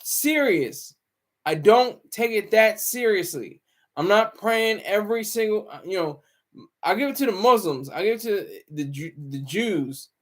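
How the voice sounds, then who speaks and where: High-pitched male streamer; loose, meandering, self-interrupting chat to viewers. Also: animated, unhurried. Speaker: livestreamer. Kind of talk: casual livestream commentary.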